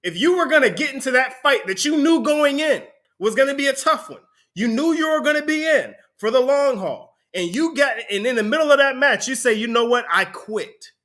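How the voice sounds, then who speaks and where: A man's voice: extremely high pitch, expressive, fairly quick, a bit bright. A man preaching a conversational sermon, often breaking into laughter between points.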